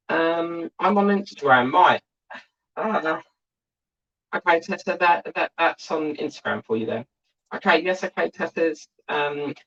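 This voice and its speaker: A man's voice: fairly high pitch, fairly bright tone, dull audio. A man hosting a model-building livestream, chatting in a rambling way and reading out viewer comments. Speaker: model-kit livestream host. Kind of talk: rambling casual livestream chat.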